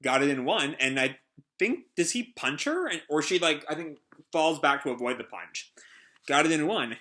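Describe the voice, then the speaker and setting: Bright, rambling male comic reader. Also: on the high side, expressive, normal speed. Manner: rambling, lots of fillers. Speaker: comic reaction host. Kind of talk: live comic read-through commentary.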